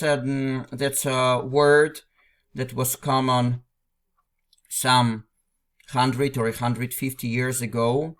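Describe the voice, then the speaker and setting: A male teacher talks through a classic text phrase by phrase at a middling pitch. His delivery is patient and unhurried. He circles back, repeats words and restarts sentences as he explains. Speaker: language teacher. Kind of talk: explaining a literary text line by line.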